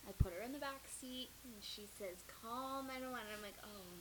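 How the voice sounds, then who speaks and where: Telling a story on the podcast she co-hosts, this young woman swears freely, speaks expressively, and acts out people's quotes in a casual, chatty way. Her voice runs a little high and brisk over a rough recording.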